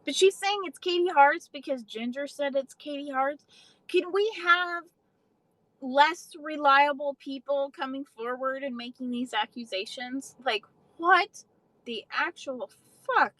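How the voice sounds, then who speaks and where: A woman's voice: high voice, a little slow, fairly bright tone, no echo, poor audio. A young adult woman casually chatting on a livestream, swearing freely and answering viewers' comments. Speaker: livestream host.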